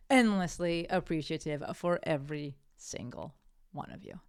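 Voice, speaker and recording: A woman's voice: fairly low pitch, normal speed, clear, resonant tone, no echo, studio quality. A woman hosting her own podcast, talking casually and upbeat, often correcting herself mid-sentence. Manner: chatty, self-correcting, upbeat sign-off. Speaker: podcast host. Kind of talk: casual solo podcast talk.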